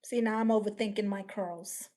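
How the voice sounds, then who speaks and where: A woman's voice: mid-range voice, fairly even intonation, normal speed, dark tone. Playful woman reading her live chat. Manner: playful, reads viewer comments aloud and riffs on them. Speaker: live streamer. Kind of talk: casual live-stream chat.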